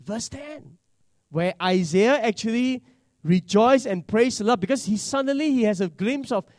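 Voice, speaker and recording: Preacher, male, high voice, unhurried emphatic delivery, dry close sound. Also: animated, no echo. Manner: slow, emphatic scripture reading with dramatic pauses. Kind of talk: sermon.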